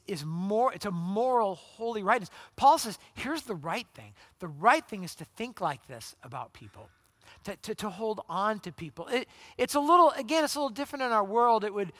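A man's voice: sits high, fairly bright tone, dry recording. A man preaching a sermon in a conversational way, acting out quoted voices, with frequent restarts and repeated words. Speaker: pastor.

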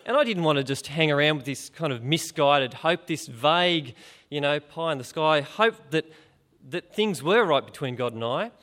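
Brief: middle-aged man, fairly high voice, chatty preacher who questions the listener. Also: expressive, normal speed, fairly bright tone. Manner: conversational, asks the listener direct questions. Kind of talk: informal gospel talk.

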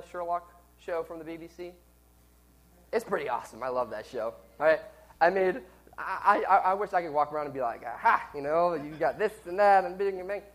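A man's voice: a little high, low-quality recording. A man who is a little sick, preaching and teaching in a conversational way and asking his listeners questions. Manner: conversational, asks the audience questions. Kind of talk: sermon and teaching.

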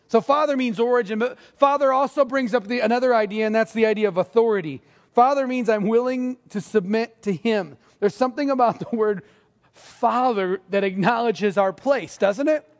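A middle-aged man preaches from the pulpit, his voice pitched high and edged with fry. He mixes scripture with family stories in an easy, talky way. The sound hangs in the long reverb of a large sanctuary. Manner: conversational preaching with personal stories and laughs. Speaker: pastor. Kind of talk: sermon.

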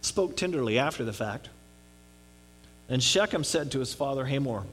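A man's voice: mid-range voice, animated, moderate pace, pauses often, a bit bright, husky. A man giving a conversational sermon on a Bible passage in an earnest way, often checking in with his listeners. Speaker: pastor.

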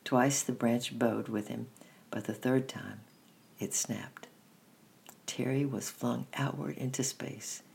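A man reading a children's story aloud in a steady, measured first-person narration. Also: mid-range voice, creaky, a little hiss or hum.

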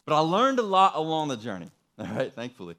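A man's voice: fairly high pitch, huge pitch swings, a little fast, a bit bright. A young adult man preaching a sermon by telling a personal story in a casual way, full of asides and rhetorical questions. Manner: casual storytelling, lots of "dude" and "right?". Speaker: pastor.

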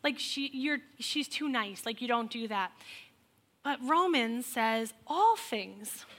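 A woman in her forties shares a personal faith testimony with an audience, turning it into humorous storytelling. Her voice is bright and fairly high, and her delivery is animated and exasperated as she slips into the voices of the people in her story. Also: slow. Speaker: speaker sharing a personal testimony.

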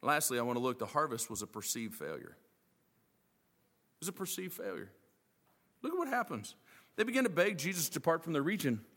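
A high-voiced male preacher with a wildly swinging delivery, playing the disciples' complaints for laughs. His voice rings out into a big hall with a long echo trailing behind each phrase. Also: huge pitch swings, fast talker, a bit bright. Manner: acts out disciples' voices, joking asides. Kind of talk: animated sermon.

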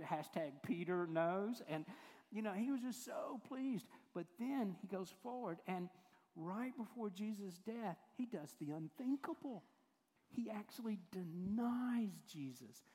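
A man's voice: sits high, measured pace, a little mellow. A male pastor, giving a conversational sermon full of acted-out quotes. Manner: conversational storytelling, acts out quoted voices. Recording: hall reverb.

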